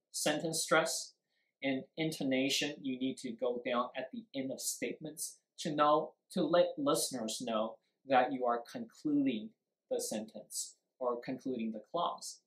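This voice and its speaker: An emphatic speaking teacher in a live-streamed lesson on stress and intonation. They act out sample sentences to show where the pitch rises and falls. The voice has a middle pitch and sits in a noticeably echoey room. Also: a bit bright. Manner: switches briefly into Mandarin to explain. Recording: roomy echo.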